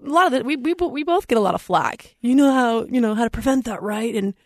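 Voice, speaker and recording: A woman's voice: a little high, animated, fast talker, dry recording, clean studio sound. A woman speaking as a guest in casual chat, often correcting herself and laughing.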